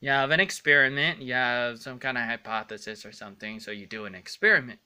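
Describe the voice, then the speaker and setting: Rambling man with a bright, clear voice. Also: medium pitch, fast talker. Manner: rambling, stumbling over words, earnest. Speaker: vlogger. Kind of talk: rambling casual vlog monologue.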